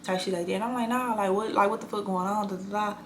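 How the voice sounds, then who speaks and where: A young woman telling a storytime vlog, blunt and animated, swearing freely in casual slang. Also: medium pitch, fast talker, slight background noise.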